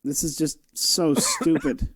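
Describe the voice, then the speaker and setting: Male podcast co-host, slightly raised pitch, blunt, curt conversational delivery. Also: fairly even intonation, takes it slowly, no echo. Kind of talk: casual opinionated chat.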